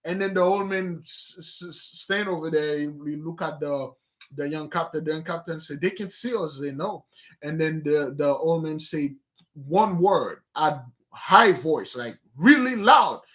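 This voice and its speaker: A man's voice: fairly high pitch, a little slow. A man leading an informal book study, telling the story with many restarts and asides. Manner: lively storytelling, acting out scenes. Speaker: study group teacher.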